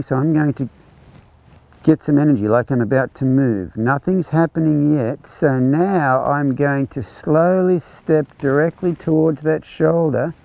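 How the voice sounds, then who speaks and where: A man's voice: on the high side, creaky, no echo, lo-fi sound. A man teaching a horsemanship clinic, explaining conversationally as he demonstrates groundwork with a horse. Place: outdoor ranch arena.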